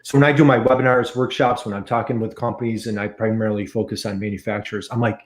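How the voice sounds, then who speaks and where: A man's voice: on the low side, little pitch movement, quick pace, hardly any pauses, reverberant. An American man of around fifty, a podcast guest, talking enthusiastically and repeating key figures for emphasis. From United States. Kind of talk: podcast interview.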